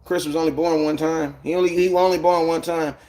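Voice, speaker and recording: A man's voice: on the high side, level tone, fairly quick, warm tone. A man chatting casually on a live stream, rambling in loose slang and greeting viewers by name. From United States.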